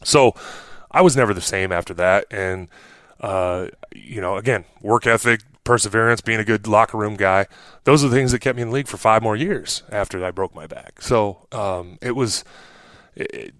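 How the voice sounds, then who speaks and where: Male, forties, podcast guest; low-pitched, dry studio sound, animated and wry storyteller. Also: moderate pace, dry recording. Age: 40s. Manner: animated storyteller who acts out quotes, with a sarcastic streak. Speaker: podcast guest, former pro basketball player. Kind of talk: casual interview conversation.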